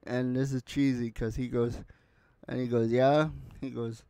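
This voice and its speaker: A man's voice: mid-range voice, level tone, unhurried, warm tone, clear, resonant tone, dry recording. A man casually reviewing a movie, retelling scenes and quoting the characters in his own voice.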